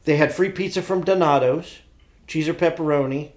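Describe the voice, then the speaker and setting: A man's voice: a little high, moderate pace. A man from Indiana who sounds sick, hosting a casual podcast chat and telling stories animatedly with many restarts. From Indiana, USA. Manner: animated storyteller with frequent restarts. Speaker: podcast host.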